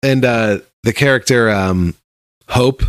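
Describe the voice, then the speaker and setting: A man's voice: medium pitch, slow pace, dry recording, studio quality. A man co-hosting a casual chat about a TV show, laid-back, swearing and laughing often. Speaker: podcast co-host.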